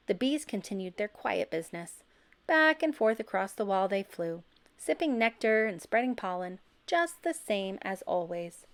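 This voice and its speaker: Slow, lively woman reading a picture book. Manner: expressive, bursts into loud high character calls. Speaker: storybook reader. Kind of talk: children's picture book read-aloud.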